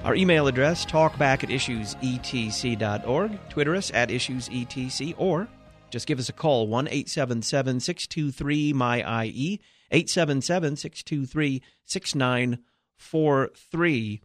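A man hosting a live talk radio show, speaking in an earnest, measured way. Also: mid-range voice, soft background music.

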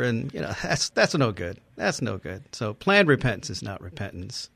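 Gravelly, calm pastor on the panel. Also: male voice, fairly low pitch, moderate pace, hardly any pauses, no room sound. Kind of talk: call-in radio talk.

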